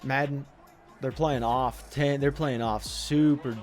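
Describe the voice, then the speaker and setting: Young male gaming commentator, mid-pitched, loose joking trash talk, faint music under. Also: fairly even intonation, slow. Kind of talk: casual video game commentary.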